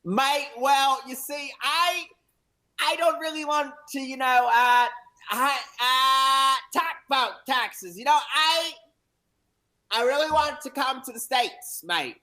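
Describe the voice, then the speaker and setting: A woman's voice: high-pitched, slow pace, bright, forceful tone, exaggerated voice. A woman playing a brash young London man calling in to an improv radio show, with a London accent, calling everyone mate. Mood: cocky. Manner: says mate constantly, cocky. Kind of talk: improv comedy. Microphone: video call.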